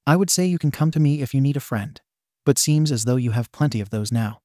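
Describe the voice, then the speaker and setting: A man's voice: medium pitch, animated, a little fast, a little mellow, no room sound, clean studio sound, lightly acted. A man voicing an anxious, caring teenage boy in a story reading, hesitant in manner. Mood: worried.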